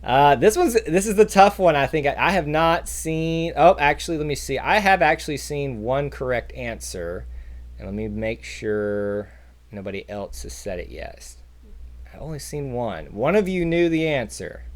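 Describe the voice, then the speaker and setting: A man's voice: a little high, lively intonation, normal speed. Rambling male trivia host. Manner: rambling, goes on tangents. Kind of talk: casual live-stream chat.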